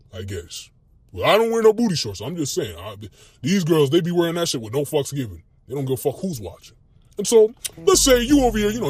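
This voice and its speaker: A young man from Minnesota delivers a slangy, profane comedy monologue, his pitch high and swinging widely. His voice is husky and recorded close and dry. Faint music plays underneath. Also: darkish tone. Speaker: comedic YouTuber.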